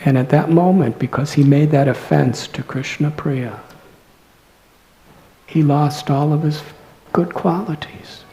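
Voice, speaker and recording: A man, a monk, telling devotional stories in a scripture class at a temple, soft-spoken and often dropping to near-whispers. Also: a little high, unhurried, pauses often, rough recording. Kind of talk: devotional lecture storytelling.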